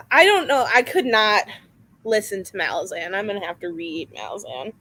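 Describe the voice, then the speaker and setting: A young woman hosting a casual reading stream from home, chatty and animated, laughing at herself often. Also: mid-range voice, unhurried, a little hiss or hum, low-quality recording. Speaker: host of a reading sprint stream. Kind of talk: casual chat. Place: home, near her kitchen.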